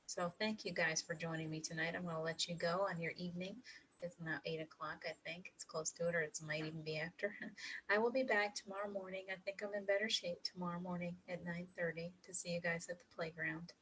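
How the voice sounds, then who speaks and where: A middle-aged woman with a lowish voice chats casually to her livestream viewers and laughs often. She speaks in an encouraging, spiritual way. A faint ambience hums behind her. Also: fairly even intonation, brisk, fairly bright tone, slight background noise, poor audio.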